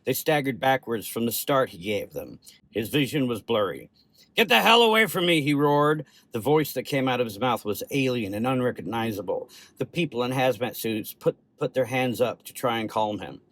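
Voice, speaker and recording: A man narrating a horror short story in a steady, measured way. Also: mid-range voice, no echo.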